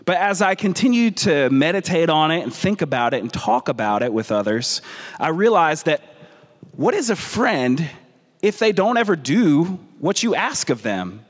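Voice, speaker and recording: Conversational Southern preacher in a reverberant hall. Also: male voice, on the high side, sing-song, moderate pace. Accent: Southern American. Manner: conversational, repeats words as he restarts. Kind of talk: sermon. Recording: long reverb of a large hall.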